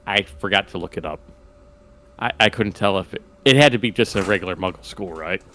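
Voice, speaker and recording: A man's voice: low-pitched, pushed and bright. A man co-hosting a podcast, chatting casually about a book and joking as he goes. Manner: joking, acts out characters in quick asides. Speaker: podcast co-host. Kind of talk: casual book club chat.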